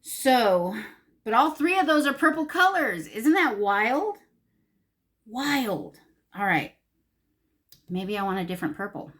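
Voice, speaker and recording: A woman's voice: on the high side, sing-song, slow pace, long pauses, fairly bright tone. A woman from Los Angeles gushing and talking to herself as she chats casually through a makeup tutorial. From Los Angeles, California. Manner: gushing, talks to herself while applying makeup. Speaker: beauty vlogger.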